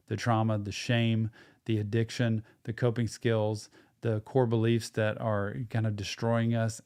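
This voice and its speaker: A man's voice: medium pitch, a little mellow. A man hosting a live reaction show, breaking down song lyrics in an earnest, explanatory way.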